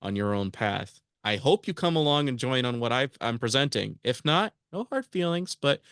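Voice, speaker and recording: A man's voice: medium pitch, expressive, moderate pace, fairly bright tone, smooth, no room sound, studio quality. A man guest on a podcast, talking earnestly and acting out quoted exchanges in a casual interview.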